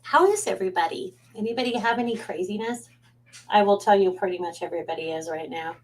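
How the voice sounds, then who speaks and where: A woman's voice: mid-range voice, fast, rough recording. A woman psychic at home, chatting casually on a live stream in a rambling way and greeting viewers by name.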